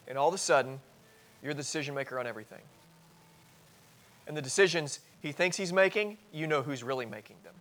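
Earnest preaching man, loud to hushed. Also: fairly high pitch, a little fast, long pauses. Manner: earnest, swings between loud emphasis and soft asides. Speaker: pastor. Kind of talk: sermon. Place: church sanctuary.

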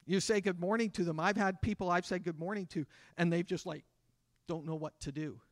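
A man in his fifties preaching in a conversational way, with a fairly high voice. He drops into softer voices to act out small scenes. The sound is dry and close, with little room. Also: steady tone, fairly quick, no room sound. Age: 50s. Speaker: pastor. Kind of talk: sermon. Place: church.

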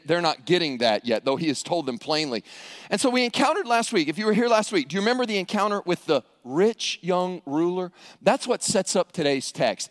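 Animated high-voiced male preacher. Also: dry recording, clean studio sound. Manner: animated preacher acting out quoted voices, repeats himself. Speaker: pastor. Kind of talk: sermon.

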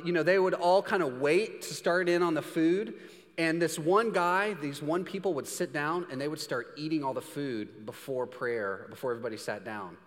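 A man preaching a casual, joking sermon, slipping into quick voices to act out examples. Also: fairly high pitch. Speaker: pastor. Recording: long hall reverb.

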